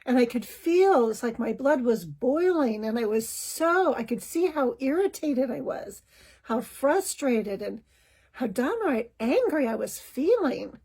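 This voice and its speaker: Husky woman telling a personal story. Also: high voice, very animated, a little slow, a little mellow, poor audio. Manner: candid, self-examining, clears throat now and then. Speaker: podcast host.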